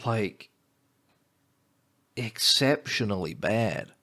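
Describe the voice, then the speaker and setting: A man's voice: on the low side, lively intonation, extremely slow, sharp tone. A man co-hosting a podcast, reviewing a film in casual chat with dry sarcasm and mocking impressions. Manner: sarcastic, acts out characters in mocking voices. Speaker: podcast co-host.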